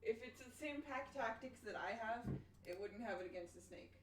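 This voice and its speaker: A woman playing in a tabletop game, chatting casually and quickly pointing out rules. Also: on the high side, animated, reverberant, rough recording. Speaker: player.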